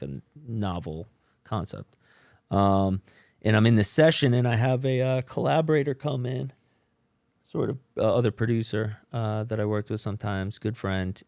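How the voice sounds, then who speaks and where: Low-voiced laid-back man telling his story. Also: a little mellow, dry recording. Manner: laid-back and slangy, with many fillers and restarts. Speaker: podcast guest. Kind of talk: casual storytelling about his recovery.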